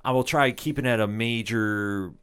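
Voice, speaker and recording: A man hosting a sports podcast, energetic and amped up, talking loudly about the show and the week in sports. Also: medium pitch, normal speed, clean tone. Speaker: podcast host.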